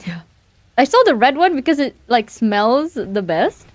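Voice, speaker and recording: A woman's voice: fairly high pitch, very animated, moderate pace, no echo. A woman guest on a live stream, teasing the host bluntly and swearing. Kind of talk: casual stream chat.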